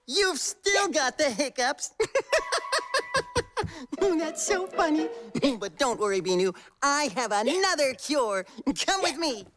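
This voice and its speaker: In a preschool cartoon, a performer gives voice to the lead character, a cheerful, giggly male creature eager to help his friend. The delivery is high, slow, very animated and heavily acted, full of exclamations and sing-song phrasing.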